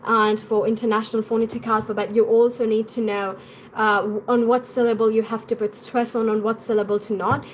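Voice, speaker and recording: A young woman with an acquired British accent, answering viewer questions as an English pronunciation coach in a live stream, in a quick, chatty way. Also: fairly high pitch, level tone, a little hiss or hum.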